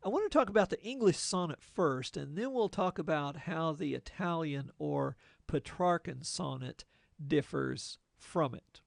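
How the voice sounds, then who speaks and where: A man lecturing like a teacher, slow and measured, his voice carrying a gravelly, creaky edge. He explains things step by step in a plain-spoken way and drops in the odd folksy aside. The sound is close and dry, with no room around it. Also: on the high side, lively intonation, no room sound. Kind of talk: lecture explaining poetic form.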